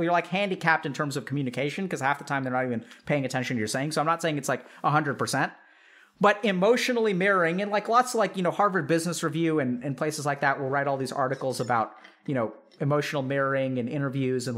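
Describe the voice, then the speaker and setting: High-voiced man explaining to an audience. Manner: animated, filler-heavy, addresses audience directly. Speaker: psychiatrist and streamer host. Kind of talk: casual explanatory talk to a live audience.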